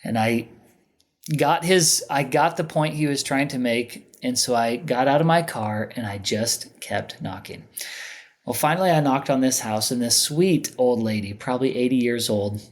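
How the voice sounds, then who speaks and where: Animated man telling a story. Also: mid-range voice, moderate pace. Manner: animated storyteller who acts out other people's lines. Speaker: podcast guest. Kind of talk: candid storytelling in casual conversation.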